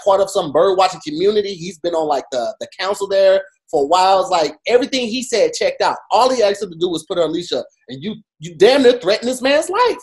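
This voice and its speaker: A man co-hosting a podcast, talking in an animated, emphatic way full of fillers. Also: high-pitched. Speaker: podcast co-host. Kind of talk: casual chat.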